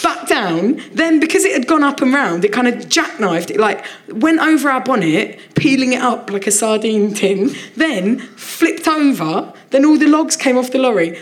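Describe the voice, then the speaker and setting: A woman, a comedian, telling an animated story in casual chat on a live podcast, laughing often as she talks. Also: sits high, normal speed, hardly any pauses. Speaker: comedian guest.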